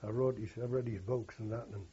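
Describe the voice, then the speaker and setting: A man's voice: mid-range voice, fairly even intonation, fast talker, dark tone, breathy edge. An older man, a war veteran telling rambling oral history anecdotes and quoting others with "he says". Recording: dull lo-fi recording.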